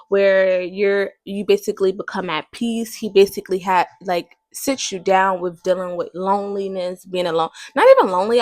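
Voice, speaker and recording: A woman's voice: mid-range voice, dry recording. Rambling woman podcaster in a dry room. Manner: rambling, thinking aloud with many fillers. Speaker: podcast host. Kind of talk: casual faith talk.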